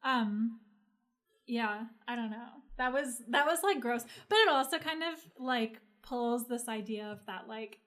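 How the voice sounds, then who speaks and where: A woman with a somewhat high voice talks casually about a film on a podcast. She often chimes in with quick agreement before picking up her own point. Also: a bit bright. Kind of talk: casual movie discussion.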